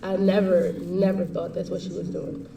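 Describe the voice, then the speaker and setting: A woman's voice: fairly low pitch, level tone, vocal fry, a crowd in the background. A young woman vlogger telling a personal story in a casual, heated, slang-heavy way. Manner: heated, fast slangy retelling. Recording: echoey room, distant mic.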